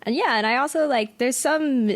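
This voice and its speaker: A woman's voice: high-pitched, normal speed, slight background noise. A woman hosting a podcast, chatting in a thoughtful, engaged way. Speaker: podcast host. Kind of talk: casual podcast discussion.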